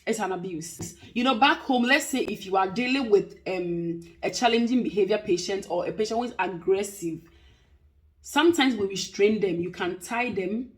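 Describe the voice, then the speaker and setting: Woman, 30s, casual to-camera vlogger, mid pitch, emphatic and repetitive delivery. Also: normal speed. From Africa. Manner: emphatic, repeats points for stress. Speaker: vlogger and care worker.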